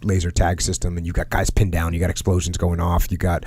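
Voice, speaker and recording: A man's voice: low-pitched, completely flat delivery, fast, a little mellow, slightly rough. A man hosting a podcast, telling a military training story casually with lots of jargon and restarts. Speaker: podcast host.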